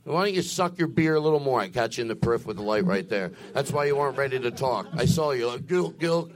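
A man's voice: mid-range voice, animated, fast talker. A man hosting a live comedy podcast on a club stage, teasing his guests and slipping into silly voices.

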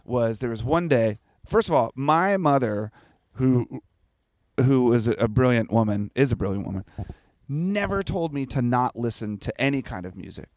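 Man, forties, animated storytelling, frequent swearing, dry sound. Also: medium pitch, normal speed, no room sound. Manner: animated, swears often, laughs while telling stories. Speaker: guest musician. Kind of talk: casual interview chat.

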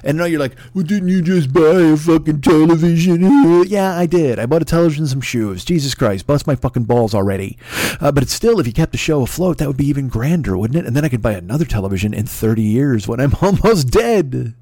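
A man's voice: medium pitch, fast talker, no echo. Rambling, profane comedy podcast man. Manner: rambling, profane and excitable, with sudden loud outbursts. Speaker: podcast host.

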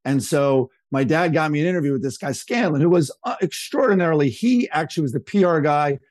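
A man in his fifties chats as a podcast guest, telling his stories with plenty of life. His voice sits a touch high. The sound is dry and close. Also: fairly quick, no echo. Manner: animated storyteller, acts out quotes in a raised voice. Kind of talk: casual storytelling chat.

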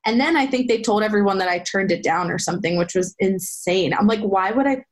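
Animated young woman telling stories. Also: medium pitch, a little fast. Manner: animated, jumps into excited quoted voices. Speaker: guest, former soap actress. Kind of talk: casual interview storytelling.

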